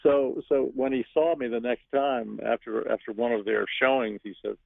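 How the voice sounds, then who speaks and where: A man telling stories in a phone interview, animated, laughing often and restarting his sentences. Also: medium pitch, moderate pace, gravelly, no echo. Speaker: actor guest. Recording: phone line.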